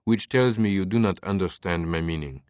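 A man reading an audiobook who voices a scheming male mastermind with a French accent, speaking in a hushed, deliberate way and sometimes whispering. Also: deep voice, no room sound, clean studio sound, close to an everyday voice. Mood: hushed, commanding. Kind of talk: audiobook character voice.

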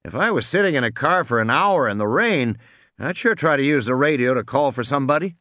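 A man's voice: mid-range voice, animated, fairly quick, bright, forceful tone, dry recording, voice pushed up. Jittery shaken lawyer done by a man, nervous questions, dry close sound. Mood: anxious.

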